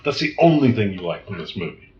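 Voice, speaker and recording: Animated man laughing through a film chat. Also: on the low side, quick pace, noisy background. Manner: animated, laughs often, acts out scenes. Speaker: podcast co-host. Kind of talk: casual film review chat. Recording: echoey room, dull lo-fi sound.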